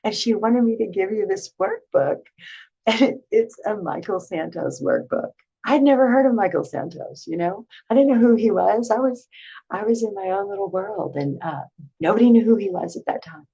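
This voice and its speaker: A middle-aged woman telling her own story to camera in a chatty, animated way, full of filler words. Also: mid-range voice, moderate pace, vocal fry, slightly rough, highs cut off.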